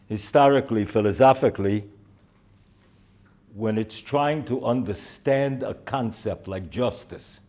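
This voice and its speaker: Older man, rosh yeshiva, holiday talk, dry humor, halting with fillers, middle-pitched voice. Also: darkish tone. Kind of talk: holiday talk to students, with anecdotes and jokes. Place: yeshiva in Jerusalem.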